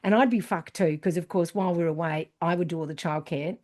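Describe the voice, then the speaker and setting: A woman co-hosting a podcast in casual chat, telling stories in a lively way, swearing freely and laughing often. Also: lowish voice, fast. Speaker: podcast co-host.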